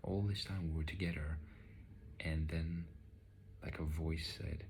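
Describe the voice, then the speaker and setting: Low-voiced man, soft half-whisper, loose reflective talk, light hiss. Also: fairly even intonation, a little slow, long pauses. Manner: soft, often half-whispered, with filler "like" and restarts. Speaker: vlogger recounting a spiritual session. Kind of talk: reflective personal account.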